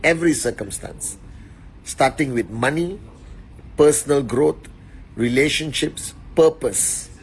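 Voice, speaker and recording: A man hosting a motivational live stream on his phone indoors, greeting viewers warmly and giving shout-outs. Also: mid-range voice, unhurried, pauses often, slight background noise. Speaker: network marketing leader.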